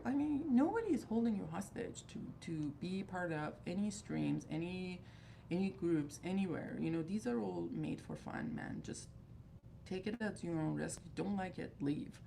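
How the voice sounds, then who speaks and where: A woman's voice: mid-range voice, normal speed, gravelly, dark tone, a little hiss or hum. A woman in her thirties hosting a livestream, talking in a rambling, candid and exasperated way. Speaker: livestream host of a fragrance group. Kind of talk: casual chat.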